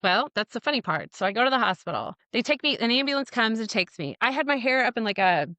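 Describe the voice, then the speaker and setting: A woman's voice: fairly high pitch, fast, no room sound. A woman guesting on a podcast, telling a hard story from her past bluntly, with plenty of swearing and quoted dialogue. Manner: blunt, profane, animated retelling with quoted dialogue. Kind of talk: candid interview storytelling.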